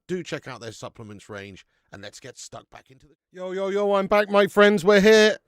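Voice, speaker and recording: A young English man hosting a live football watch-along, full of cheeky banter, casual swearing and quick laughs, calling everyone mate and lad. His voice sits a little high and has a gravelly edge. The sound is dry and close, with no room echo. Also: a little mellow.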